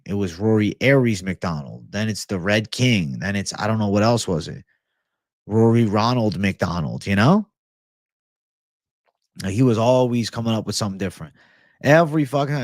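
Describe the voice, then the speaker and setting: A man's voice: lowish voice, a little mellow, no echo, studio quality. A young man hosting a casual MMA livestream, swearing freely and answering chat in a laid-back way. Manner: profane, laid-back, reads chat aloud. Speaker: MMA show host.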